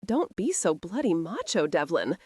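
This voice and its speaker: A woman's voice: fairly low pitch, very animated, normal speed, mellow, husky, no room sound. A woman doing a mocking, sardonic male doctor. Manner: blunt and mocking. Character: sardonic older male doctor, a gruff sadistic wit.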